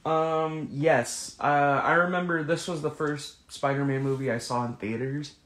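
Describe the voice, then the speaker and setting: A man in his twenties doing a casual movie commentary, joking and swearing and breaking into loud laughing shouts. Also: a little high, steady tone, normal speed, reverberant. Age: 20s. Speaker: podcast host.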